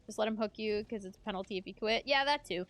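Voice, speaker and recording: A woman's voice: mid-range voice, quick pace, fairly bright tone, no echo. A young adult woman streamer chatting casually with her chat while gaming, laughing often.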